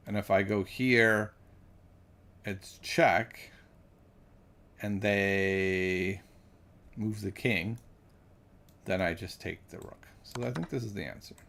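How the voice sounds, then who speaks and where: Man, chess streamer, thinking aloud, chatty, gravelly low voice. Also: takes it slowly, pauses often, fairly bright tone, slight background noise. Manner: musing, self-correcting, chatty. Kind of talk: thinking aloud while solving puzzles.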